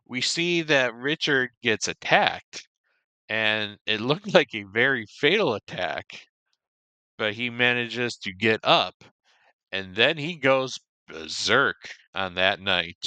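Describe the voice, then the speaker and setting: A man's voice: medium pitch, lively intonation, slow, sharp tone, no room sound. A man hosting a casual podcast discussion, recapping loosely with lots of fillers and restarts. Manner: rambling recap with frequent fillers. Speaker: podcast host.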